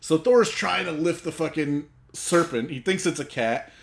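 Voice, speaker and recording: A man co-hosting a podcast, telling a story in a casual, animated way and swearing freely. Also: fairly high pitch, moderate pace. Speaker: podcast co-host. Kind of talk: casual chat.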